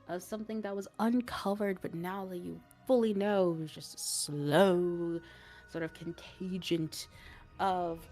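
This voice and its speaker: A woman narrating a tabletop role-playing game as game master, unhurried and filling pauses with ums and uhs. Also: fairly low pitch, a little mellow.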